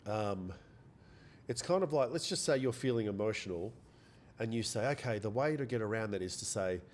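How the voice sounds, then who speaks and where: A man's voice: lowish voice, lively intonation, normal speed. A man hosting a live trading stream, chatting casually, repeating phrases and answering viewers by name. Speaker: day trading livestream host.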